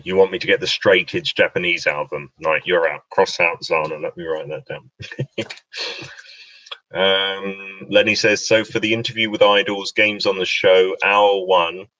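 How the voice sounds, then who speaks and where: A British man with a low, bright voice chats casually on a livestream, reading out viewer questions and answering them with a joking manner. The sound is dry, with him sitting a little back from the microphone. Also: flat delivery, normal speed, dry recording, far from the mic, lo-fi sound. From Britain. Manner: chatty, joking, reads out comments.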